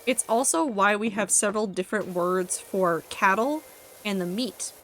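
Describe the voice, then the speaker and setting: A woman's voice: mid-range voice, moderate pace, fairly bright tone, faint music behind. A young woman streaming a game from home, chatting casually with her chat in a rambling way, laughing at herself. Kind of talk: casual chat reading live chat while gaming.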